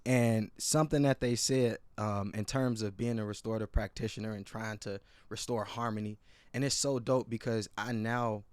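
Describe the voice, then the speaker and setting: A man's voice: fairly low pitch, steady tone, moderate pace, smooth, no echo. A man hosting a podcast, talking as a restorative practitioner in an earnest, emphatic way and peppering his speech with slang. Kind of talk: casual podcast chat.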